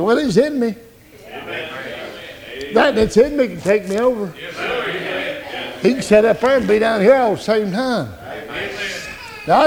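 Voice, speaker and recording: Gravelly older preacher man. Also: high-pitched. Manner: folksy, shouting in bursts, laughing asides. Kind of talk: sermon.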